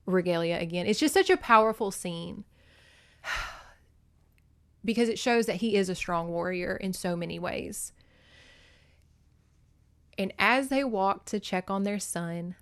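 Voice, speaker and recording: A woman hosting a podcast, recapping a book on her phone in an animated, emotional way, swinging between loud and hushed and cursing freely. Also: medium pitch. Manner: laughs and curses freely. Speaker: podcast host. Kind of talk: casual book recap monologue.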